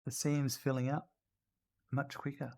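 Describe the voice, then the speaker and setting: A man's voice: medium pitch, level tone, measured pace, creaky, darkish tone. Laid-back man streaming a game. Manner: rambling, reads out viewer chat. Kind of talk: casual chat while playing.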